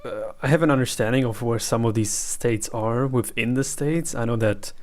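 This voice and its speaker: A man with a German accent chats casually through a reaction video. He thinks aloud as he goes, pausing and restarting his sentences, in an ordinary middle-pitched voice.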